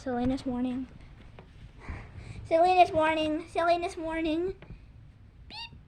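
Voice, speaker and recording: In a dull, lo-fi home recording with a little hiss or hum, a girl with a high, fairly bright voice shows off jump tricks for her kids' video at a normal pace. She's chatty and giggly, filling her talk with "like" and singing silly snippets.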